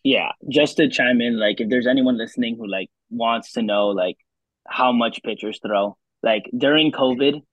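A relaxed young man jumps into the chat to add his side, laughing along. His voice sounds a bit muffled and dry. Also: medium pitch, normal speed, dry recording. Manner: laid-back, chimes in, laughs, says "bro". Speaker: teammate, former catcher for the guest. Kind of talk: casual interview chat.

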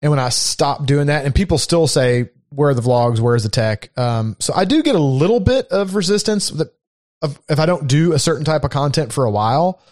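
A man's voice: a little high, sing-song, brisk, darkish tone, no echo, studio quality. A man from Florida hosting a casual chat about hobbies and his channel, rambling with lots of fillers and restarts. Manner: rambling, filler-heavy, laid-back. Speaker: YouTube channel host. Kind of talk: casual chat over whiskey.

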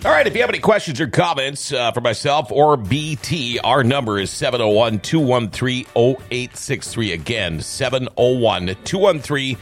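A man's voice: mid-range voice, expressive, moderate pace, few pauses, soft background music. A man hosting a radio show, chatting casually with a guest and chuckling often. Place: radio studio.

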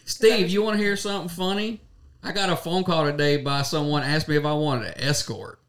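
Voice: medium pitch, fairly even intonation, a little fast, fairly bright tone. A podcast co-host chatting casually, blunt and profane, with loose rambling sentences. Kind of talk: casual chat.

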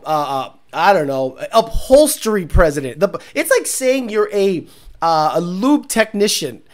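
A man's voice: sits high, fairly bright tone. A man hosting a car show stream, reading viewer comments aloud and ranting in a mocking, profane, casual way. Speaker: car show host reading live chat.

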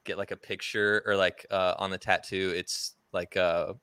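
A man's voice: deep voice, flat delivery, normal speed, sharp tone, clear, resonant tone, no room sound. A man hosting a casual chat, easygoing and enthusiastic as he listens and tells his own stories.

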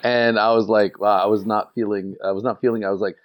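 A man's voice: on the low side, level tone, fast talker. A man in casual chat, eagerly backing up a friend's story with his own.

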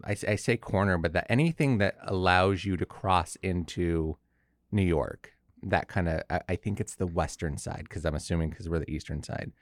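A man's voice: low-pitched, moderate pace, no echo, studio quality. A young man from Connecticut co-hosting a podcast, chatting casually and often restarting his sentences mid-thought. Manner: rambling, self-interrupting. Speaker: podcast host. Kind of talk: casual chat.

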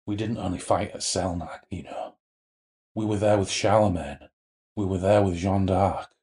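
A man reading aloud from a horror novel, voicing a sinister ancient male demon in a throaty, low, quiet and menacing way. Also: close to an everyday voice.

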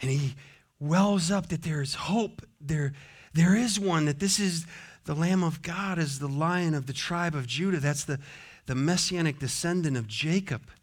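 A man with a fairly high-pitched voice delivers a sermon as a pastor, speaking a little slowly. He shifts between soft, gentle words of comfort and emphatic, repeated declarations.

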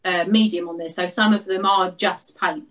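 A woman's voice: on the low side, fairly even intonation, normal speed, fairly bright tone. Chatty woman, slightly muffled recording. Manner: chatty, laughs often, many fillers. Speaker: guest artist. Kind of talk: casual interview.

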